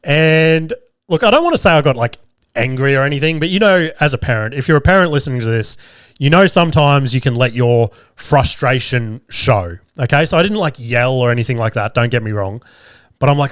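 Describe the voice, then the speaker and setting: A man's voice: mid-range voice, lively intonation, fairly quick, no room sound, clean studio sound. A man in his thirties hosting a comedy podcast, rambling and swearing in casual chat, a bit nasal as he gets over a cold. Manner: profane, rambling, jokey. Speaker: podcast host.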